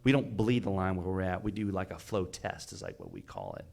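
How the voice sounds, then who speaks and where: Low-voiced battalion chief telling a rescue story. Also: male voice, huge pitch swings, a little fast, gravelly, darkish tone. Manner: earnest, stumbles and repeats words, emphatic. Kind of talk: casual podcast storytelling. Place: recorded live on location at a fire expo.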